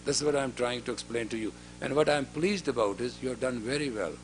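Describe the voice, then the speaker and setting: A spiritual teacher in his fifties lectures a women's class, speaking directly and scolding, often turning questions back on his listeners. His medium-pitched voice is fairly quick, with slight background noise.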